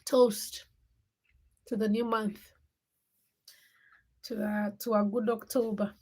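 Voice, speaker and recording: A woman's voice: medium pitch, little pitch movement, takes it slowly, a little mellow, slightly rough. A young woman hosting a casual late-night livestream, chatting and teasing viewers by name as she reads their comments. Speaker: livestream host.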